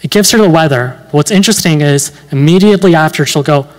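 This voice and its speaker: A young man around nineteen performing a stand-up comedy set with dry, deadpan delivery, pausing with fillers between lines. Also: fairly high pitch. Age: late teens. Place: university event hall. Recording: long hall reverb.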